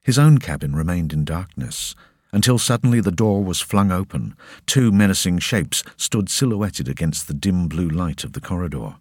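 A man narrating an audiobook with expressive, scripted storytelling. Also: low voice, moderate pace, husky, dry recording, clean studio sound.

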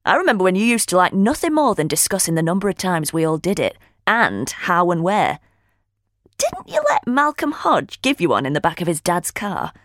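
A woman voicing Jeanie, a blunt and nosy woman best friend around forty, in a high, mocking voice. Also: normal speed, no echo, studio quality. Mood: prying. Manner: high, lively, mocking delivery.

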